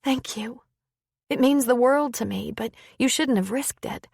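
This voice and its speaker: Earnest, anxious young woman in an audiobook, raised gravelly voice, as the narrator puts her on. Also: fairly high pitch, unhurried, a little mellow, no echo, clean studio sound, voice pushed up, full character voice. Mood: pleading.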